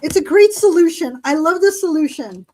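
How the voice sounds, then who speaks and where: A woman chats casually as a podcast co-host, spinning long stories full of fillers. Her voice sits high. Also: expressive, normal speed, dark tone, a little hiss or hum, poor audio. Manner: chatty storyteller, lots of fillers. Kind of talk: casual chat.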